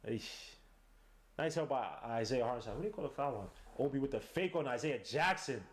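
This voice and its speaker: A man hosting a podcast, giving live play-by-play commentary on a game he is watching, excitable and slangy, bursting into shouts at big plays. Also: medium pitch, brisk. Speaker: podcast host.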